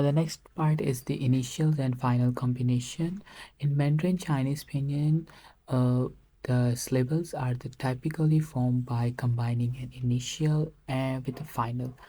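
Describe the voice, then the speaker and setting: Monotone hesitant male language teacher. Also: medium pitch. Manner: hesitant, frequent filler pauses. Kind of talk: narrated tutorial.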